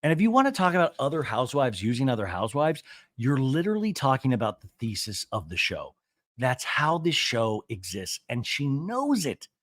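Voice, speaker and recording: A male podcast host chatting casually through a reality show recap, animated and quick to act out quotes. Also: mid-range voice, dry recording.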